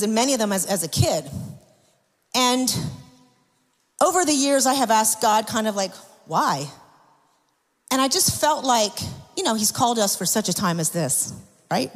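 A woman preaching a sermon, telling personal stories in an earnest, confessional way with frequent restarts. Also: on the high side. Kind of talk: sermon testimony. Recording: long hall reverb.

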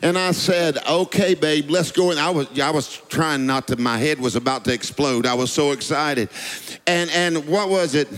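High-voiced preacher man, sing-song cadence. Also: moderate pace, fairly bright tone, in a large hall. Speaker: pastor. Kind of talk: sermon.

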